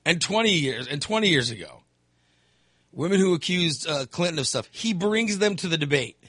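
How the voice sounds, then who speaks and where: A man with a fairly high, bright voice launches into a casual political rant. He sighs, swears and slips into mocking impressions of the people he is talking about. The sound is close and dry, with no room around it. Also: normal speed, breathy edge, no room sound. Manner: animated, mocking quotes of others, swears, sighs.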